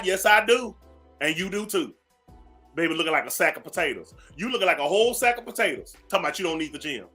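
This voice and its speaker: Sassy, bright-voiced male radio host. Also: high voice, lively intonation, quick pace, soft background music. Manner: sassy, preachy, calls listeners "baby"; emphatic, repeats phrases for effect. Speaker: radio morning show host. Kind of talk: talk radio rant.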